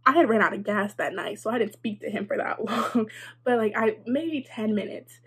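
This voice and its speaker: Chatty young woman with a husky voice. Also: fairly high pitch, moderate pace, a bit bright. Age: young adult. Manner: chatty and sarcastic, many likes and asides. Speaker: vlogger. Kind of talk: casual storytime.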